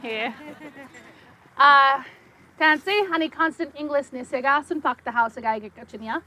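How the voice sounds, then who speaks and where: Woman speaker starting her talk, high bright voice, friendly and a bit loud. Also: normal speed. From Sturgeon Lake First Nation, Saskatchewan. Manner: lively, friendly, loud by habit. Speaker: guest speaker and educator. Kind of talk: casual opening of a talk.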